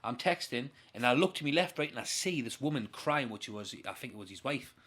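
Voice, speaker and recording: A young man telling an excitable story as a podcast guest, swearing and asking "right?" often. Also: mid-range voice, a little fast. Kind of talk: animated storytelling.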